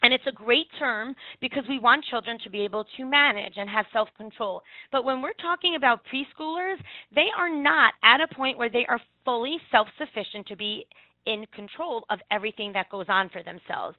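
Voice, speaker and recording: A woman's voice: fairly high pitch, dry recording, narrow, tinny audio. A woman early childhood educator giving earnest, practical advice and telling classroom anecdotes, with brief restarts now and then. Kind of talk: instructive talk with anecdotes.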